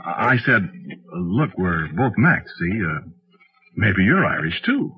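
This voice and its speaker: An actor playing a flustered, folksy young time traveler who tells his story haltingly in an old radio drama. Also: deep voice, sing-song, exaggerated voice. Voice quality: folksy, halting, full of uhs and gee. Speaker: time traveler narrating his own tale. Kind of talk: 1940s radio acting. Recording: tinny old radio broadcast with music.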